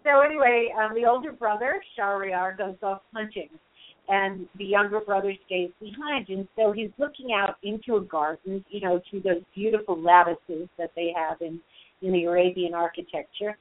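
A woman's voice: mid-range voice, fairly even intonation, normal speed, dry recording. A woman retelling a fairy tale in casual spoken storytelling, with fillers, asides and quoted voices acted out. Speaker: Jungian storyteller. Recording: dry, tinny phone-like sound.

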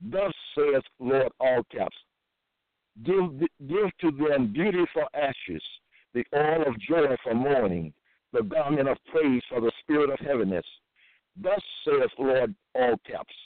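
A man preaching a sermon, reading out Bible verses slowly with short repeated asides between them. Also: mid-range voice, expressive, dry recording. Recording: tinny, phone-like dry audio.

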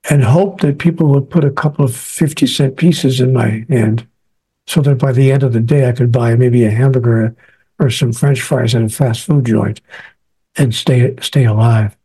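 Fields: Sex: man. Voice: mellow, husky. Role: author guest. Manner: earnest storyteller. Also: mid-range voice, fairly even intonation, normal speed. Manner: earnest, acts out quoted speech. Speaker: author being interviewed. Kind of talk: storytelling interview answer.

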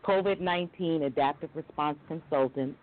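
A middle-aged woman from Long Island, a talk show guest telling her story in a candid, animated way. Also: moderate pace. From Long Island, New York. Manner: animated, candid, jumps into high quoted voices. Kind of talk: casual interview storytelling. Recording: tinny phone-like call audio.

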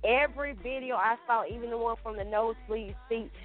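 A brash, profane woman tells stories on a casual talk show, her fairly high voice heard through a narrow, tinny phone line. She talks in a loose, unfiltered way. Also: a little fast. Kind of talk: casual call-in chat.

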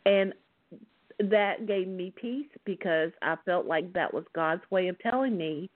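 Radio co-host, woman, earnest and steady, lowish voice, dry phone-band sound. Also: a little slow, dry recording, phone-quality sound. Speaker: radio talk show co-host. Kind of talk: casual radio talk, personal storytelling.

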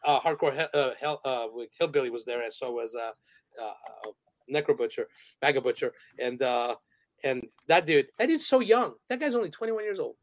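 A man's voice: medium pitch, animated, moderate pace, dry recording. Rambling man telling a story. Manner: rambling, many fillers and restarts, laughs often. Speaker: podcast guest. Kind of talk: casual interview storytelling.

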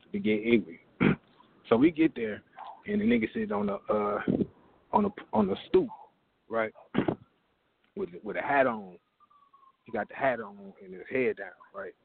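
A man's voice: mid-range voice, gravelly, slightly rough, phone-quality sound. A man at an open mic line, telling a profane comic story and acting out the voices in it over the phone. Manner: animated, acts out voices in his story. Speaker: open mic comedian calling in.

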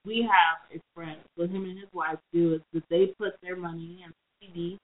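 A woman's voice: on the low side, fairly even intonation, moderate pace. A woman co-hosting a podcast who gives money advice in a casual, rambling way, full of "you know"s. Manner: rambling, thinks aloud with many "you know"s. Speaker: podcast co-host. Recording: phone-like lo-fi recording.

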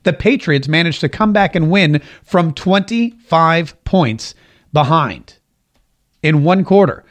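A man hosting his own talk show in a casual, jokey monologue, animated and doing voices when he quotes people. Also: fairly high pitch, slow. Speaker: radio talk show host.

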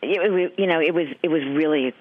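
A woman's voice: low-pitched, fast talker. Chatty woman on a tinny phone line. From New England. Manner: chatty, animated, laughs often, many restarts. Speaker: voice actress guest. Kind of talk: casual interview chat.

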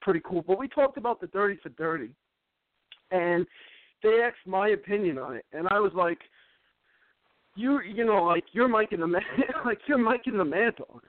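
A man's voice: high voice, animated, moderate pace, no room sound. A man hosting a casual sports call-in show, telling a long rambling story with many restarts. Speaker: sports talk show host. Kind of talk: casual call-in radio chat. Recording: dry tinny phone-line sound.

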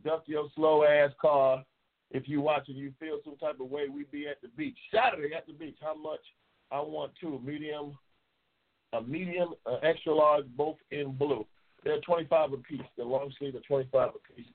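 A man's voice: fairly high pitch, moderate pace, gravelly. Profane trash-talking man, tinny phone line. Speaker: talk show host. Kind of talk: casual live call-in banter.

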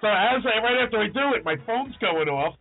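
A man with a slightly high voice tells a long story on a casual podcast, and he acts out every voice he quotes. The sound is tinny and phone-like, with faint music underneath. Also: animated, brisk. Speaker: podcast co-host. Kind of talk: casual chat.

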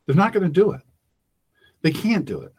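A man's voice: sits high, sing-song, moderate pace, a little mellow, breathy edge. A man hosting a radio call-in show, ranting emphatically and repeating his points. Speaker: talk radio host. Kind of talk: opinionated radio monologue.

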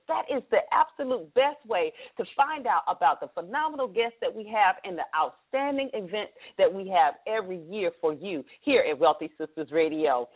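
A woman's voice: a little high, breathy edge. Upbeat woman host on a tinny phone line. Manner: upbeat, chatty, explaining step by step. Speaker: radio show host. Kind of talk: live internet radio talk show.

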